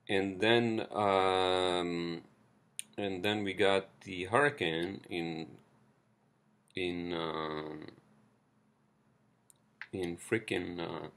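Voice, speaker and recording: A man's voice: low-pitched, gravelly, a bit bright. A man hosting a casual solo podcast, rambling and swearing with lots of fillers, recorded at home on a cheap headset mic. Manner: rambling, profane, many fillers. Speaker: podcast host. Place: indoors at home, street traffic outside. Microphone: cheap headphones.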